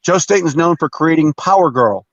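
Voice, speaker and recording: A man as a guest in a casual chat about comics, talking haltingly with many fillers and frequent chuckles over a video call. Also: fairly high pitch, expressive, no echo. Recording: dull dry video call audio.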